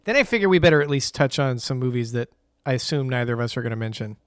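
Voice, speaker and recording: A man co-hosting a podcast in casual chat, relaxed and agreeable. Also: medium pitch, no echo. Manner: relaxed, agreeable, quick to laugh. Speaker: podcast co-host.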